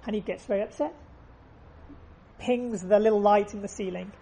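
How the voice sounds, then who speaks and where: A woman's voice: medium pitch, fairly even intonation, moderate pace, gravelly, dark tone, husky. A woman giving an earnest faith lesson, telling stories and repeating phrases for emphasis. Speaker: religious teacher.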